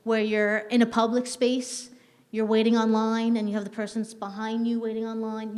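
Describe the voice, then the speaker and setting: Woman trainer with a long reverb. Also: a little high. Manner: conversational, checks in with "right?"; frequent "um" fillers and restarts. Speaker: staff trainer. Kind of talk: workplace training talk.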